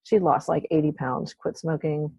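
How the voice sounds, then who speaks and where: A woman's voice: deep voice, fairly even intonation, moderate pace, gravelly, warm tone, breathy edge, no echo, dull audio. A woman in her forties, a tarot reader and guest, talking bluntly and swearing freely in casual conversation. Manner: blunt, profane, forthright.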